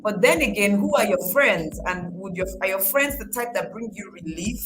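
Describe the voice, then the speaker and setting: A woman talks in a loose, conversational way, giving motivational advice. She repeats her phrases and slips into quoted voices, and her pitch sits in the middle. Music plays clearly beneath her. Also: expressive, moderate pace, low-quality recording. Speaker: motivational speaker. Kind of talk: casual motivational talk.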